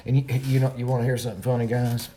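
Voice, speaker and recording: Speaking very fast in a flat, mellow mid-range voice, a middle-aged Kentucky man with a Kentucky accent hosts a livestream. He chats folksily and directly with viewers over a slight hiss or hum.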